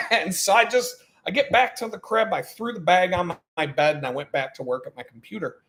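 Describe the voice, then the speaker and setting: A man telling stories on a live stream, animated and profane, breaking into laughs. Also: high-pitched, a little fast. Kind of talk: casual storytelling on a live stream.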